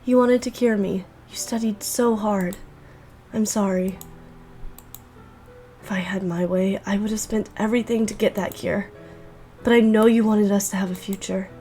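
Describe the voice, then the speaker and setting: A woman's voice: medium pitch, steady tone, moderate pace, pauses often, dark tone, faint music behind, natural voice. A woman reading aloud the lines of an angry, grieving teenage girl in a horror visual novel, in a bitter, blunt way.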